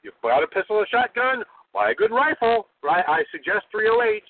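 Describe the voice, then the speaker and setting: A man's voice: high voice, lively intonation, fairly quick. Ranting older man on a tinny line. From United States. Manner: forceful, preachy, keeps adding "okay?". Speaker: guest. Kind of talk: call-in talk show, ranting.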